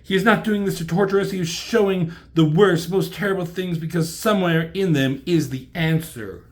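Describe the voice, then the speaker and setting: A man's voice: sits high, moderate pace, pitched above the performer's own voice, natural voice. A man voicing an overwrought woman warrior in a raised, theatrical, grandiose old-fashioned way. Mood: dramatic. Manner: grandiose archaic delivery.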